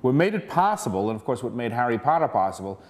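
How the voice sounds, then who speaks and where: A man's voice: medium pitch, very animated, quick pace. A man presenting a lecture as an earnest, persuasive, conversational story.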